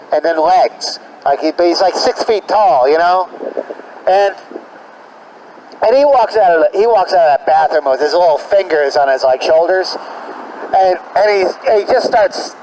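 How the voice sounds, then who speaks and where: A man's voice: high-pitched, a little mellow, rough recording. A man doing stand-up comedy, telling a long story and stumbling over repeated words and fillers. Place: outdoors on the street or in a parking lot.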